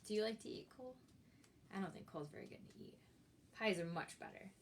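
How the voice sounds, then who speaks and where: A woman's voice: medium pitch, animated, a little fast, a little hiss or hum. A woman librarian reading a picture book aloud for children at storytime. She talks in a chatty way and asks the listeners questions. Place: library, recorded for an online video.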